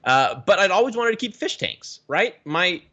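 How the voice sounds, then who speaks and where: A man from the Pacific Northwest, a guest telling his story in a rambling, animated way with many restarts, on a video call. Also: high-pitched, moderate pace, dull audio. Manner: animated, rambling, self-correcting. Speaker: guest, aquarium YouTuber.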